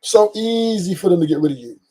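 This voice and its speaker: Man, commentary host, mellow warm tone, lecturing, repeats himself. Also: high voice, animated, a little fast, slight background noise. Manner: lecturing, repeats his points. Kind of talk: opinion commentary.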